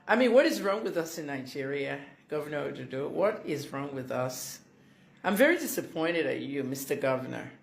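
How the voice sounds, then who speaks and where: A woman's voice: sits low, lively intonation, moderate pace, vocal fry, echoey room. A woman giving chatty, indignant commentary to her fans in a casual vlog.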